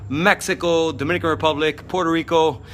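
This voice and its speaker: A man giving an energetic motivational vlog talk, fired up, with frequent fillers. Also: fairly high pitch, brisk, a little hiss or hum. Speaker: motivational speaker.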